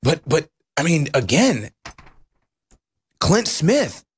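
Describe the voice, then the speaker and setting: Male talk host, sarcastic and emphatic, high voice that swings widely. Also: big pitch swings, takes it slowly, slightly rough. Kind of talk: political talk show commentary.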